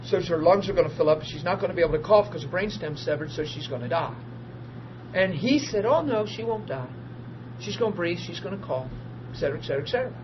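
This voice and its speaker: A man preaching to a small group, telling testimony stories in a lively, informal way and acting out the people in them. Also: high-pitched, fast. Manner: animated, acts out quoted voices, laughs often. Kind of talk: informal sermon storytelling. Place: small group meeting room. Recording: dull lo-fi archive recording with faint hiss.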